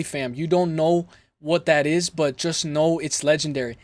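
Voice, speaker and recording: A young man from Toronto hosting a casual livestream, rambling through chat comments with hype shout-outs and lots of fillers. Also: fairly high pitch, steady tone, moderate pace, no echo. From Toronto, Canada. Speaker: livestream host.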